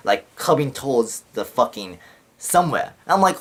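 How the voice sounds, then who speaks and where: A man's voice: mid-range voice, big pitch swings, measured pace, a bit bright. Young man rambling with heavy swearing. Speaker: vlogger. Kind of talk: casual storytelling to camera.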